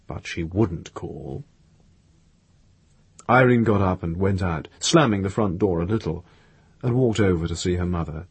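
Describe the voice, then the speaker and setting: Male audiobook narrator, low husky voice, measured reading, dry sound. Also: dry recording.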